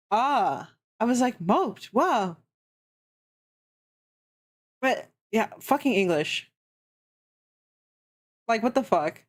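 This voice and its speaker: A woman streaming, chatting casually and ranting with heavy swearing. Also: fairly high pitch. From Canada. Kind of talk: casual chat.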